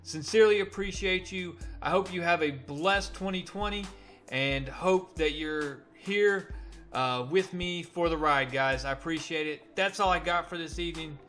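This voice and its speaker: A man reviewing comics in a casual vlog, retelling the story with animated delivery and frequent restarts. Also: fairly high pitch, normal speed, faint music behind.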